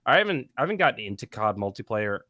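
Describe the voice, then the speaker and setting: A male co-host chatting on a podcast, his voice fairly low but bright and forward in tone. He hesitates and restarts a lot, slipping in dry sarcastic jokes. Close mic, dry sound. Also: big pitch swings, fast talker, no echo. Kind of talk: casual chat on a livestreamed podcast.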